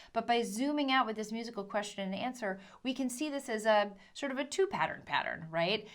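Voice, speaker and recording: A woman teaching a ukulele lesson, explaining patiently, counting in and singing along. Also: mid-range voice. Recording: ukulele playing under the voice.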